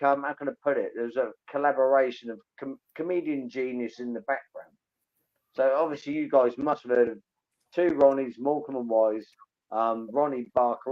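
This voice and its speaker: A man's voice: medium pitch, highs cut off. A man from England, telling rambling, enthusiastic stories in casual chat.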